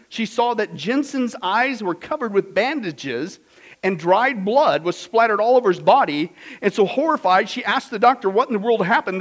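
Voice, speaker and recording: A man preaching a sermon, fiery and emphatic, swinging from loud declarations to hushed storytelling. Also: sits high, low-quality recording.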